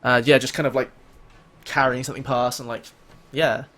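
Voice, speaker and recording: A man's voice: medium pitch, level tone, normal speed, a bit bright. Rambling man running a game. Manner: rambling, filler-heavy narration. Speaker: game master. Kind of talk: narrating a tabletop game.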